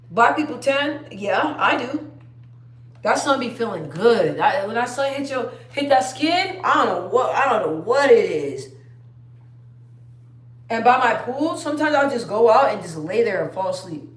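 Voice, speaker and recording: A young woman chatting casually on a phone live stream, rambling and trailing off. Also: medium pitch. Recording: roomy echo.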